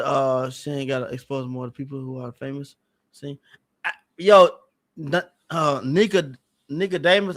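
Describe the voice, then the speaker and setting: A man's voice: fairly high pitch, fairly bright tone. Rambling, slangy man on a livestream. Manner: rambling, repeats himself, slangy; aggrieved, earnest. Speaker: streamer guest. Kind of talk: casual livestream talk.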